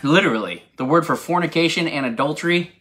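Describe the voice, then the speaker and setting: A man's voice: on the high side, quick pace, sharp tone. A man giving an informal, enthusiastic bible teaching, rambling into asides and laughing at himself. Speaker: preacher.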